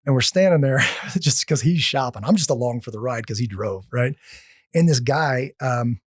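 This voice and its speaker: A man on a podcast as a guest, telling casual stories in an animated way, often restarting his sentences. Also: medium pitch, normal speed, no echo, studio quality. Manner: animated, acts out quoted lines, frequent restarts. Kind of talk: casual storytelling.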